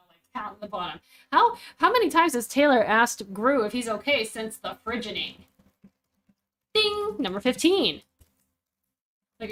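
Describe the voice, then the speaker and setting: A woman with a fairly high voice talks through a story on a casual stream. She rambles, gets animated, and drops the occasional swear, jumping between points as she goes. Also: poor audio. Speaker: stream host reacting to a web serial. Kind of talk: casual reaction chat.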